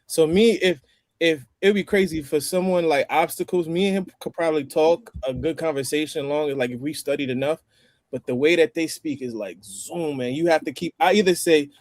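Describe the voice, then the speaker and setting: A man chatting on a roundtable stream, his voice sitting a little higher than most men's. The sound is close and dry. He explains things at length in an easygoing way. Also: moderate pace, no room sound. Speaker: roundtable participant. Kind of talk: casual group chat over a stream.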